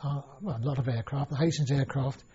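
A man's voice: medium pitch, fairly quick, crowd noise. An older man recalling his past in an oral history interview, rambling with many restarts and fillers. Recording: dull lo-fi recording.

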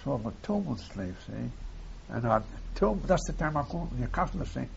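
An older man with a gravelly voice talks through his memories, circling back and tagging phrases with "see". The recording is a dull, lo-fi tape with a faint hiss. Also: mid-range voice, sing-song, a little fast. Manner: rambling, repeats phrases, tags lines with "see". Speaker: war veteran interviewee. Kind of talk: oral history reminiscence.

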